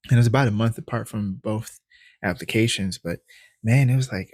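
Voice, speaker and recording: Speaking directly to the camera, a credit educator vlogger with a low, slightly husky voice recounts a personal story at a fairly quick clip. He becomes animated acting out what he used to think, laughing often. The recording is close and dry, free of room echo.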